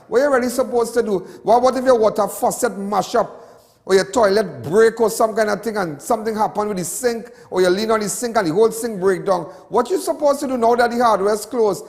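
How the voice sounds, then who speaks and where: In a large hall, a Trinidadian man from Trinidad and Tobago hosts a show, his high-pitched, slightly darkish voice moving a little fast. He delivers ranting commentary with passion, repeating himself as he goes.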